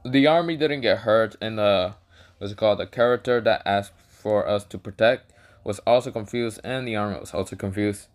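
A man with a fairly low voice tells a made-up adventure in a loose, casual way. He rambles, fills gaps with "like" and "um", and stops often to correct himself. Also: normal speed. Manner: rambling, filler-heavy, self-correcting. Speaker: storyteller. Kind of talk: casual fan-fiction storytelling.

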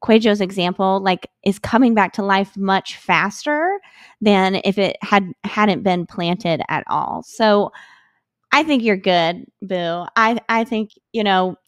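Woman guest on a podcast, talkative, lots of fillers, dry dead room, mid-pitched voice. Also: clear, resonant tone, no echo. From United States. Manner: chatty, filler-heavy storyteller. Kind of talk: casual conversation.

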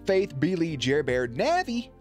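A man's voice: a little high, wildly swooping pitch, unhurried, soft background music. A young man streaming and commentating marble races in a hyped, playful way, swearing freely and calling the action like a sportscaster. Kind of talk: casual livestream commentary.

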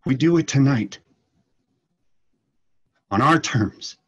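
A man's voice: mid-range voice, lively intonation, slow, fairly bright tone, slightly rough, lo-fi sound, heavily acted. Figure: a man acting a desperate brother. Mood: grim resolve. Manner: raw, intense, driven monologue delivery. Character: desperate young man telling his sister of his arrest. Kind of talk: scene work in an acting class.

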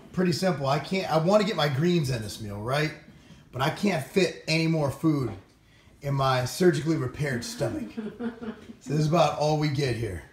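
A man's voice: on the high side, slight background noise. A middle-aged man vlogging casually about his meals, blunt and joking, with some swearing. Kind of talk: casual vlog narration.

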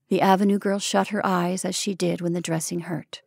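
A woman reading a short story aloud in a measured, soft-spoken way. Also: fairly low pitch, flat delivery, creaky, no room sound, clean studio sound. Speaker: narrator.

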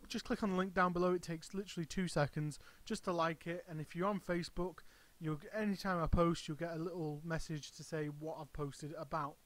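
A man with a fairly high voice talking straight to camera in a loose, rambling vlog style. He stumbles and restarts often, thinking aloud as he goes. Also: steady tone, a little fast, hardly any pauses, a bit bright. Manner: rambling, hesitant, frequent restarts. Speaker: wrestling channel host. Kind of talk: casual vlog commentary.

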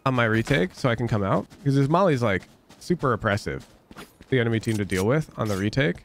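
A man's voice: medium pitch, animated, fast talker, creaky. A man coaching over a gameplay review, blunt and emphatic, casual and sweary, repeating phrases for sarcastic effect. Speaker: game coach.

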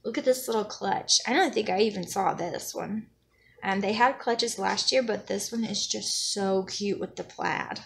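A young adult woman chats to her vlog audience in a gushing, effusive way, stumbling over her words as she restarts. Her voice carries a gravelly fry. A clear hiss of noise sits under the home recording. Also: medium pitch, moderate pace. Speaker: vlogger. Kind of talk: casual chat.

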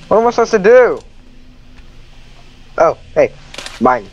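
A man commentating a horror game, jumpy and swinging from muttering to panicked yelling, his voice cracking from screaming. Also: high voice, sing-song, measured pace, highs cut off, slight background noise. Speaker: let's play gamer.

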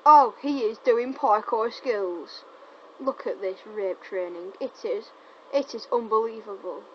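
A woman giving casual, teasing gameplay commentary, excitable and often stumbling over her words. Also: a little high, a little slow. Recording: dull lo-fi recording with faint noise.

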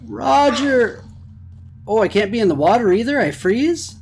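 A man giving excitable let's-play commentary on a horror game, swearing and talking to the game. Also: sits high, very fast. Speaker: gamer.

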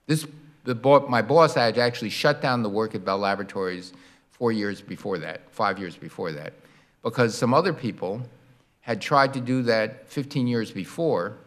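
An older man giving a public university lecture, explaining science with animated sound effects and demonstrations. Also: on the low side. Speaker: guest lecturer. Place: lecture hall.

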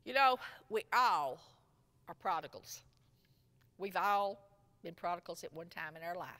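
Animated woman teaching a Bible lesson. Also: lowish voice, a little slow. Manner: expressive storytelling, retelling a parable. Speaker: Sunday school teacher. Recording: long echo from a large room.

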